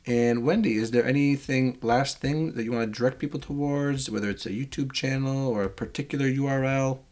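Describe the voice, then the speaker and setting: A man hosting a casual podcast interview, talking in a relaxed way with fillers. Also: medium pitch, a little fast. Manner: warm-hearted thanks, relaxed, fillers. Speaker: podcast host.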